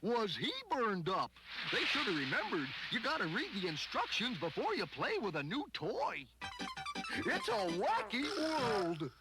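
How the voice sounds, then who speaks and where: Bouncy cartoon announcer, high and swoopy, slow, music loud behind. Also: male voice, wildly swooping pitch, heavily acted, rough recording. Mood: amused.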